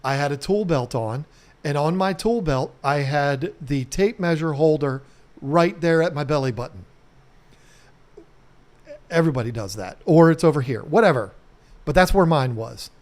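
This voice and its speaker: A middle-aged man on his home restoration vlog, talking straight to camera in a loose, animated storytelling way. His voice sits a bit high for a man. He cusses casually and breaks into silly sound effects as he goes. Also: moderate pace, long pauses.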